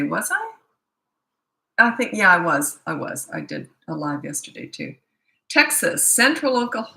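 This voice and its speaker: Tired, chatty woman with a gravelly voice. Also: fairly low pitch, bright, forceful tone. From Canada. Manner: chatty, reads out viewers' comments. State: tired, low energy. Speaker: parenting coach, livestream host. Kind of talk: casual livestream chat with viewers. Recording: echoey room.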